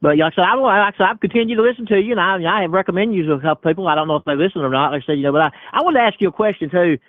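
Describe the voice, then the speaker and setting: A man's voice: sits high, rapid-fire, no room sound. A man calling into a live chat, rambling and repeating himself. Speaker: caller. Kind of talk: phone call-in chat. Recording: dry tinny phone line.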